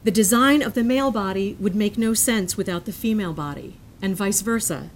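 Reading from a prepared lecture, this woman keeps a measured, earnest tone at medium pitch, occasionally slipping into asides that amuse her. Faint hiss or hum sits in the background.

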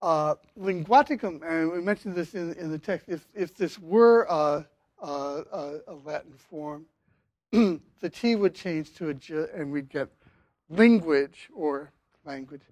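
An older man giving a university linguistics lecture, speaking haltingly with many fillers and restarts. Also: a little high, a little mellow, no room sound. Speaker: linguistics professor.

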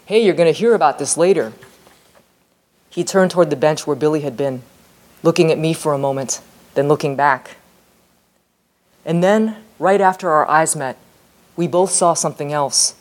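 A woman author reading her novel aloud in a steady, measured storytelling voice. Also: deep voice.

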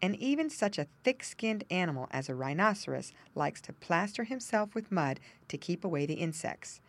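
A woman narrating a children's storybook, with gentle asides explaining things to young listeners. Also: lowish voice, very animated, moderate pace. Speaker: audiobook narrator.

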